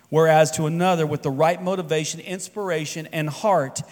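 A man preaching a sermon with a fairly high voice, carried by a long hall reverb. He rises to loud, emphatic peaks and then drops to quiet, soft asides. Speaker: pastor.

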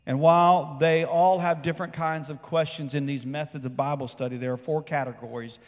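A man's voice: on the high side, fairly even intonation, fairly quick. A man, a pastor, preaching a conversational sermon and calling on the congregation to respond. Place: church sanctuary. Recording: long reverb in a large hall.

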